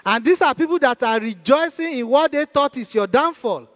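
A man's voice: extremely high pitch, lively intonation, normal speed, a bit bright. A male pastor preaching a sermon in a church hall, emphatic and repeating his key phrases. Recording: long church hall reverb.

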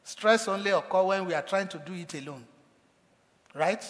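A pastor preaches a sermon in a high-pitched, fairly bright voice at a normal speed. His delivery is emphatic, acting out quoted cries with rising force, and the recording carries the echo of a large hall.

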